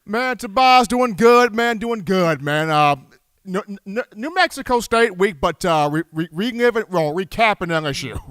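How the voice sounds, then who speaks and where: A man's voice: sits high, expressive, a little slow, a bit bright, no echo, studio quality. A man hosting a call-in sports show, upbeat and sometimes stumbling over his words. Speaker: host.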